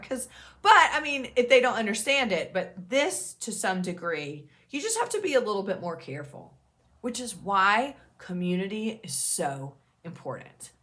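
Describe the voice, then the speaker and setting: With a medium pitch that swings widely, a slightly bright tone, and a normal speaking speed, a thirtysomething OCD peer support advocate addresses the camera. She comes across as earnest, emphatic, and reassuring toward her audience.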